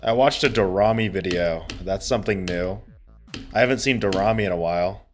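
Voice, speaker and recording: A man's voice: sits low, a little fast. A man streaming a game, chatting casually to viewers in a profane, mocking, ranting way. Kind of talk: casual live-stream chat. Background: faint music.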